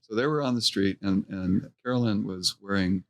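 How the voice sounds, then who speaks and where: Middle-aged man, restaurant owner type, low voice, chatty storyteller who acts out quotes. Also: normal speed, a little hiss or hum. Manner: animated anecdote-telling, acts out quotes. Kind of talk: casual storytelling interview.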